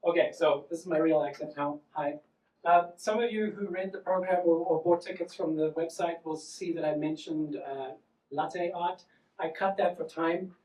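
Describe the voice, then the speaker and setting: A man's voice: on the high side, a little mellow. South African man in his 40s, wry solo storyteller, echoey stage, heard from afar. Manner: wry, self-deprecating. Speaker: comedian and solo performer. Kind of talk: stand-up storytelling. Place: theatre stage. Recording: echoey theatre from far off.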